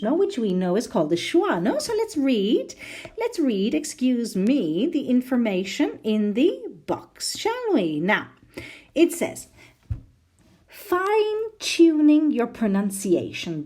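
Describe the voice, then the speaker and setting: A woman teaching an English pronunciation class, explaining slowly and checking in with a frequent "no?". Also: mid-range voice. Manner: slow, lively teacherly delivery with frequent tag "no?". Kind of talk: recorded online class.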